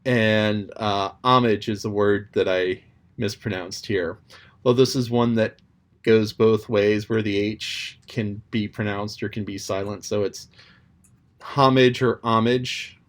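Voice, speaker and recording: A man's voice: fairly low pitch, fairly even intonation, measured pace. A man casually talking through his thoughts on a book chapter he read aloud. He rambles and muses, with frequent ums and restarts, and now and then slips playfully into quoted voices. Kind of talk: casual spoken commentary.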